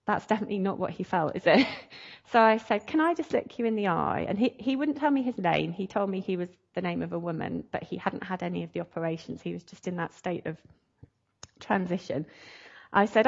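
A woman's voice: medium pitch, creaky, dull audio. A woman telling a faith testimony in a chatty, emotional way, laughing often. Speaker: speaker sharing a testimony. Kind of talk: sermon testimony.

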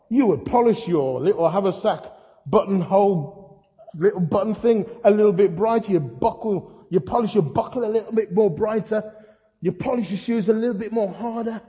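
An older man preaching a sermon, telling stories with humor and lively asides. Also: high-pitched. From England. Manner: storytelling, humorous, animated asides. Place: church hall. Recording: muffled sound in a reverberant hall.

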